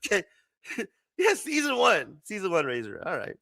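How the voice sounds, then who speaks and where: Male livestream host with a bright, high, very animated voice that swings up and down a lot. He keeps it casual and joking, laughs often and swears freely. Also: a little fast, vocal fry. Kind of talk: casual late-night livestream chat.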